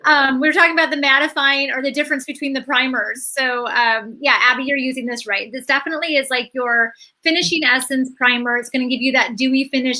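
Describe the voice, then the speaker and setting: A woman's voice: fairly high pitch, bright, forceful tone, rough recording. A woman explaining skincare products on a live beauty chat, in an explanatory way with many fillers. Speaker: skincare brand educator.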